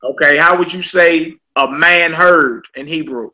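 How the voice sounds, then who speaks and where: A man's voice: on the high side, measured pace, pushed and bright, poor audio. A man teaching a casual Hebrew vocabulary class. He often checks in with "all right?" and repeats each word.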